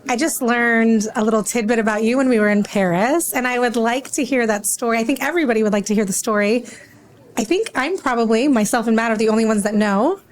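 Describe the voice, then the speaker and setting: A woman's voice: on the high side, fast. Woman asking a friendly question. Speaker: audience questioner.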